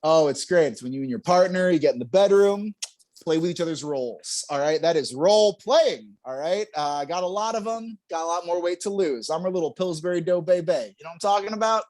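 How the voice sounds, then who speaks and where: A young man performs a stand-up comedy set on a club stage. His voice sits high and swings widely in pitch as he lands self-mocking punchlines. He laughs between jokes. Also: expressive, a little fast, a little mellow.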